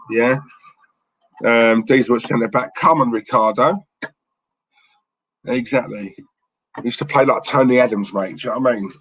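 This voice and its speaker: Chatty young London bloke, dry sound. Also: male voice, medium pitch, fairly bright tone, dry recording, rough recording. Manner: chatty, rambling, reads chat messages aloud. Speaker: watchalong host. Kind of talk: casual live-stream chat.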